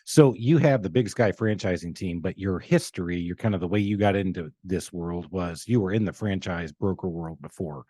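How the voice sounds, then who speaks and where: A man's voice: low voice, moderate pace, hardly any pauses, warm tone, no echo. A middle-aged man hosting a casual business podcast in a studio, joking and laughing with his guests. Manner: joking, laughing, loose banter. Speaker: podcast host.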